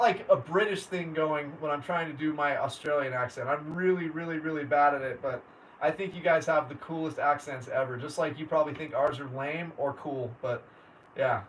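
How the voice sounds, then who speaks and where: A livestream host with a somewhat high, slightly bright male voice chats casually with viewers at a moderate pace and steady tone, reading comments and greeting people by name. A distant mic picks him up with faint background noise.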